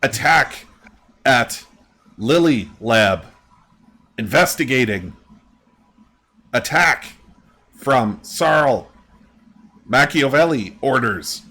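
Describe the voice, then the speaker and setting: A man's voice: medium pitch, lively intonation, drawn-out words, long pauses, bright, forceful tone, pitched above the performer's own voice, heavily acted. A man voicing a panicked male bird-creature who speaks in choppy, broken one-word bursts. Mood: halting.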